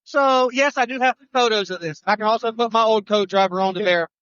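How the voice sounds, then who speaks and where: Bright trucker spinning a yarn. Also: male voice, sits high, clean tone, dry recording, highs cut off. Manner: animated storyteller, quick restarts. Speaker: trucker co-host. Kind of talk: telling a road story on a live show.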